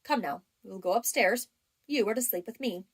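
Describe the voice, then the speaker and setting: A woman's voice: mid-range voice, a little fast, breathy edge, natural voice. A woman voicing a stern, cold elderly aunt who gives curt, icy commands in a storybook reading.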